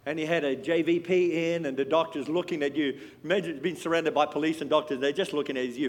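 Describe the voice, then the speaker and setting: A man preaching a sermon with passion, swinging between loud and hushed. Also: a little high, fairly even intonation, fast, few pauses. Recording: long hall reverb.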